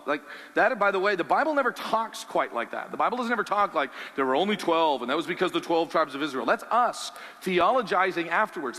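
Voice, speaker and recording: Animated preaching man in a reverberant hall. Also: a little high. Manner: animated, conversational preaching with rhetorical questions. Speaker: pastor. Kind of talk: sermon.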